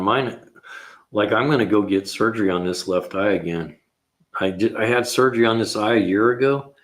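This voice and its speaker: An older man, a retired mechanic hosting a car repair show, telling rambling shop stories in a casual way, chuckling and acting out his own lines. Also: fairly low pitch.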